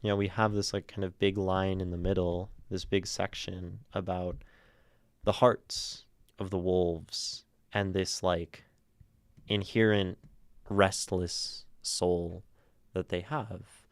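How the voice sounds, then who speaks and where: Casual male streamer, slow and clear, rambling poetry breakdown on a close, dry mic. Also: low-pitched, no room sound. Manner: relaxed and rambling, with many fillers and sounds voiced aloud. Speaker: streamer reading poetry from chat. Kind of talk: casual analysis of poetry on a livestream.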